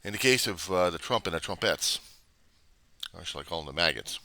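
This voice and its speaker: Lively, argumentative low-voiced man. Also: a little fast, vocal fry, no room sound. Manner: argumentative, rhetorical questions, acts out both sides. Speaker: vlogger. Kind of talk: political commentary monologue.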